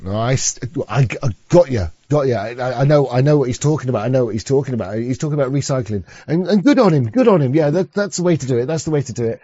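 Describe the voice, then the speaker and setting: A man's voice: medium pitch, lively intonation, normal speed, a little mellow, dry recording, dull audio. A man streaming, commenting sarcastically on clips with crude jokes and lots of stammered restarts. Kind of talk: casual mocking commentary.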